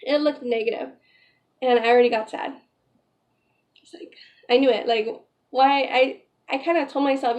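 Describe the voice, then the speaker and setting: A woman's voice: sits high, steady tone, moderate pace, pauses often, darkish tone. A young pregnant woman chatting in a casual vlog, retelling a story emotionally with lots of "like" and "you know". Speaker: vlogger.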